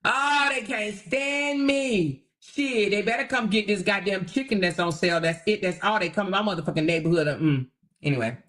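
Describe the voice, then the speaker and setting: A woman's voice: mid-range voice, moderate pace, a bit bright. Woman going off on a livestream, cussing nonstop, talking straight to her viewers, keeps tossing out "okay?". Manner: brash, combative, heavy swearing; addresses viewers directly with repeated "okay?". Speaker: livestream host. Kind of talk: profane live-stream rant.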